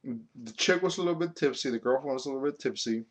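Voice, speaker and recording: A man's voice: mid-range voice, quick pace, a little hiss or hum. A young man telling a story from his own life in a rambling, casual way, full of filler words and swearing.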